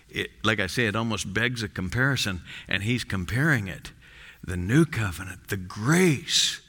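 A man preaching an expository sermon, reading scripture slowly with strong emphasis. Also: medium pitch, bright, forceful tone. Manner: emphatic, rising and falling for stress, slow deliberate reading. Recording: long hall reverb.

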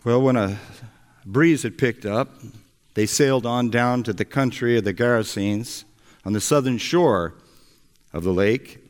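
A man preaching a sermon and retelling a story in a slow, storytelling delivery. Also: mid-range voice. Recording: echoey hall.

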